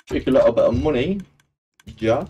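A man's voice: medium pitch, lively intonation, normal speed, breathy edge, lo-fi sound. A young man chatting casually while live-streaming a game, laughing often and breaking into playful auctioneer calls. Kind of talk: live gameplay stream commentary.

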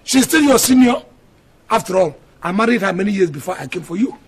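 A man's voice: sits high, animated, brisk, breathy edge. An actor with a Nigerian accent playing an exasperated husband scolding his two quarrelling wives, in a lecturing film-drama delivery. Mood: firm. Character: stern polygamous husband, middle-aged, exasperated.

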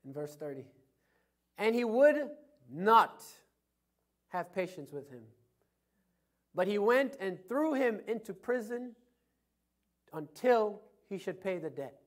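Male preacher with a high-pitched voice; dynamic sermon delivery, loud peaks and quiet asides. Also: big pitch swings, a little slow, pauses often. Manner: preaching with swings from loud emphasis to soft asides; tells anecdotes with chuckles. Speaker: pastor.

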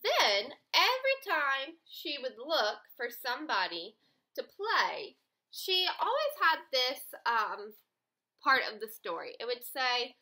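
Bright, expressive woman teaching young kids. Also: on the high side, a little slow, low-quality recording. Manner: expressive, gasps for dramatic effect. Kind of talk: recorded mini lesson for young students.

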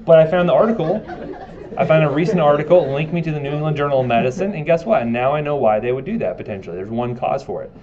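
A man's voice: on the high side, animated, fast, lo-fi sound, crowd noise. A man giving a casual classroom lecture, joking and asking his students questions.

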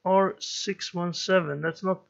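A man giving slow let's play commentary, musing and thinking aloud as he plays. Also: sits high, fairly even intonation, gravelly, dull audio. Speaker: gameplay commentator.

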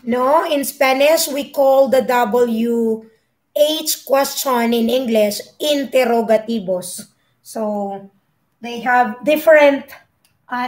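A woman's voice: on the high side, echoey room, low-quality recording. A young woman, teaching a live-streamed language lesson and patiently repeating and explaining each word. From Philippines. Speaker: language tutor.

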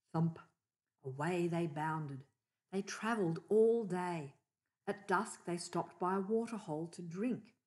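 An older woman reads a children's picture book aloud, taking her time. She talks in a fairly low voice and stops often to point out what is in the pictures. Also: darkish tone. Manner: slow, pauses to point out pictures. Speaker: storyteller.

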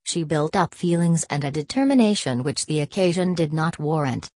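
A woman narrating a classic novel in an even, measured audiobook reading. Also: deep voice, no room sound. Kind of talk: scripted narration.

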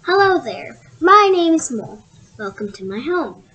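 A warm, fussy mole from a children's storybook, as a woman reader puts her on. She speaks in a raised, gentle voice, fussing over a guest and calling her dearie. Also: sits high, big pitch swings, normal speed, lo-fi sound, voice pushed up, exaggerated voice. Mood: kindly. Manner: motherly, calls others dearie. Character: kind, fussy female mole host.

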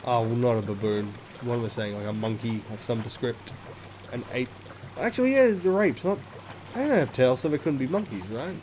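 A man's voice: mid-range voice, a little fast, a little mellow, slight background noise. A man hosting a let's play, giving casual gameplay commentary, swearing often and making self-mocking, chatty asides. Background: game music.

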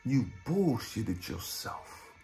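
This is a man delivering a motivational monologue in a blunt, drill-instructor style, swearing heavily. His pitch moves a lot, rising when he pushes and dropping low for quieter lines. Faint music plays behind him. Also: big pitch swings, drawn-out words, gravelly. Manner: swings between loud urging and low muttering. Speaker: motivational speaker and life coach.

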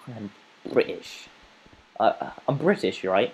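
Slow, low-voiced man narrating gameplay. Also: fairly even intonation, darkish tone, slight background noise, rough recording. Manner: playful, rambling, talks to the game animals. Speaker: gaming channel host. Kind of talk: let's play game commentary.

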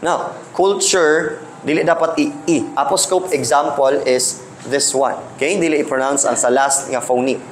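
A man's voice: fairly high pitch, steady tone. A man with a Filipino Cebuano accent gives a linguistics lecture, switching between English and Cebuano, drawing out example words and checking with "okay?". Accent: Filipino, Cebuano-speaking. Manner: drawn-out, emphatic word examples. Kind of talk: classroom lecture. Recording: echoey room with faint ambient noise.

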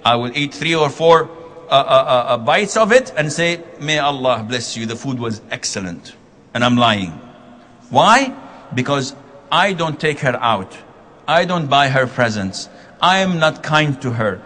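A man giving a religious lecture, telling stories with quoted dialogue and gentle self-deprecating humor. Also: a little high, unhurried, a little hiss or hum. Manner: animated storytelling with quoted dialogue. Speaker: Islamic preacher. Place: lecture hall.

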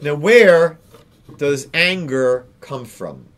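A rabbi telling a teaching story in a slow, deliberate way, repeating key phrases. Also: male voice, on the high side, fairly bright tone, slight background noise. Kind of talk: storytelling lesson.

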